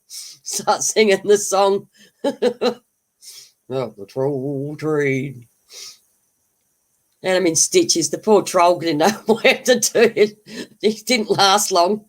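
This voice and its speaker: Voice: mid-range voice, slow. A livestream host who chats casually, laughs often and answers viewers' comments. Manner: laughs often, chatty and rambling, answers chat.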